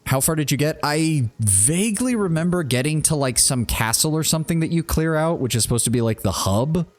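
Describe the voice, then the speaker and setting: A man's voice: on the high side, expressive, a little fast. A man streaming a role-playing game who chats casually, rambles, laughs, and reads the on-screen text aloud. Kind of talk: casual gameplay commentary and reading game text.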